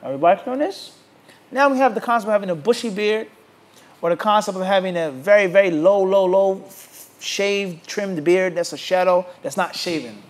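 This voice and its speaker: A man teaching a religious class, emphatic and animated, who keeps asking his listeners rhetorical questions and waits for them to answer. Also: high-pitched, fairly quick. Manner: rhetorical questions asked to the audience. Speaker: Islamic teacher.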